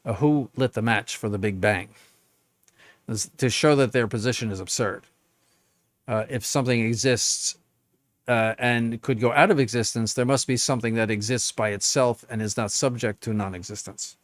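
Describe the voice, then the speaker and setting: An older man speaks as a bishop fielding questions from viewers, answering bluntly and emphatically in plain words. His voice sits at an ordinary middle pitch. The recording is dry and close, with no room sound. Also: moderate pace, no echo. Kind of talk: live Q&A stream.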